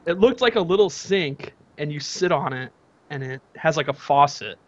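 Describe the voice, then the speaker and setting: A man co-hosting a podcast, telling a story in casual chat and acting out the shouts and quotes. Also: fairly high pitch, normal speed, dry recording, highs cut off. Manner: animated, acts out shouts and quotes. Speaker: podcast co-host.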